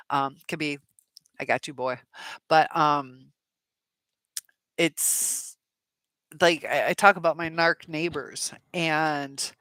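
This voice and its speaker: Gravelly-voiced woman chatting on a live stream. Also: deep voice, a bit bright, no room sound. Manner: rambling, many fillers, supportive. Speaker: live chat host. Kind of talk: casual live-stream chat, reading out viewer comments.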